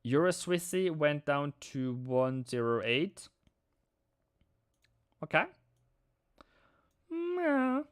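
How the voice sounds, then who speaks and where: A man hosting a live trading stream, excitable and slangy, calling viewers mate and bro. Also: medium pitch, takes it slowly, pauses often, smooth, dry recording, clean studio sound.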